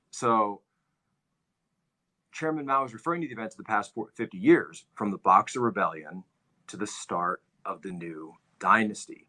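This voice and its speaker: A man's voice: fairly low pitch, unhurried, sharp tone. A man hosting political commentary, lecturing on history and stressing points by repeating phrases.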